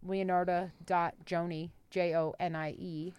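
Brash, quick-joking woman comic. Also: fairly low pitch, flat delivery, smooth, muffled recording. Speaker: stand-up comic guest. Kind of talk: casual podcast chat. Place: podcast studio.

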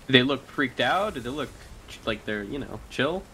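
A man playing a tabletop game, chatting casually with plenty of fillers and quick asides. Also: medium pitch, expressive, sharp tone, slight background noise. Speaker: player.

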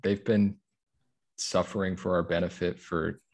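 Male podcast co-host, very low voice, dry joking delivery. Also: little pitch movement, a little slow. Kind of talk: casual chat.

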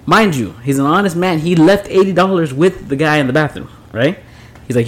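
A man co-hosting a casual drinking podcast, telling stories in an animated way and laughing through the punchlines. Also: fairly high pitch, fairly quick. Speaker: podcast co-host.

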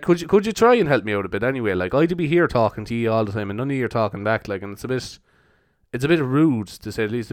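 A man's voice: medium pitch, dry recording, clean studio sound. A young man from Cork with a Cork Irish accent, hosting a solo podcast in a jokey, rambling way and swearing casually. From Cork, Ireland. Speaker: podcast host.

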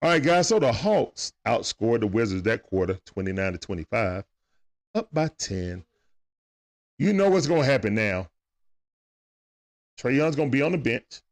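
A man giving casual, excitable play-by-play commentary on a live stream, chatting with his viewers in slang. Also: mid-range voice, moderate pace, long pauses.

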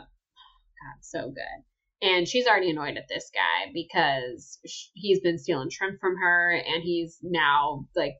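A woman, co-hosting a casual book-club podcast, gushing and excitable as she recaps chapters. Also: fairly low pitch. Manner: excitable, gushing, breaks into laughter. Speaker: podcast co-host. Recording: slightly dull lo-fi audio.

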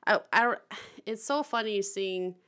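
A woman's voice: mid-range voice, unhurried, a bit bright. A young woman co-hosting a film podcast, chatting casually with lots of fillers, restarts and laughter. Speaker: podcast co-host. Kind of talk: casual chat about films.

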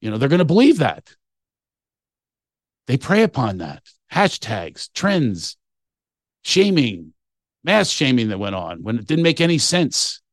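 A man's voice: medium pitch, wildly swooping pitch, unhurried, pauses often, no echo, studio quality. Impassioned ranting male comedian guest. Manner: impassioned ranting with mocking asides and acted-out quotes. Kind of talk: animated podcast conversation.

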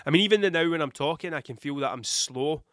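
A man's voice: on the high side, fast talker, fairly bright tone, dry recording, studio quality. A Scottish man with a cold, coughing now and then, talking in a rambling, blunt, heavily sweary monologue. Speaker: podcast host. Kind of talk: casual monologue.

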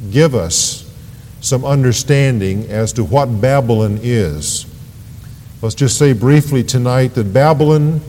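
A man's voice: medium pitch, mellow. Man preaching in a reverberant church. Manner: preaching with rising emphasis on scripture readings. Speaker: pastor. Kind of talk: sermon. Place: church sanctuary. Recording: long hall reverb, church sanctuary.

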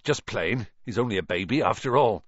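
A man voicing a huge, soft-hearted male gamekeeper who talks gruffly and gets tearful. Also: fairly low pitch, lively intonation, a little fast, no room sound, muffled recording.

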